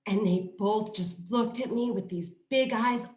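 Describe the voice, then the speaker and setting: A middle-aged woman, a positive discipline trainer, giving casual parenting advice in an animated way. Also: a little high, measured pace, few pauses. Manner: animated storyteller who acts out quoted voices. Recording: roomy echo.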